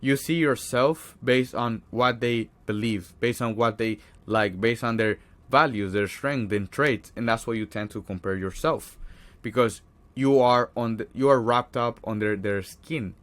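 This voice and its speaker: Man, mid-pitched, motivational vlogger who swears freely and speaks plainly. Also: measured pace, fairly bright tone. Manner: casual and blunt, swears often, keeps asking "right?". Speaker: social anxiety coach. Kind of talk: motivational vlog talk.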